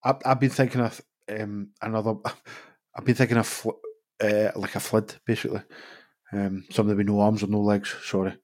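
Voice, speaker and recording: A Scottish man hosting a casual podcast chat, relaxed and jokey, with the odd swear. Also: fairly low pitch, fairly quick. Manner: relaxed, chatty, swears and jokes about. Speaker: podcast host.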